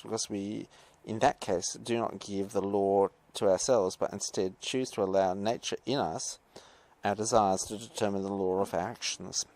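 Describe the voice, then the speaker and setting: Low gravelly teacher, rambling and hesitant. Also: male voice. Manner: rambling, hesitant, many fillers and asides. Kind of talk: podcast lecture, reading and commenting.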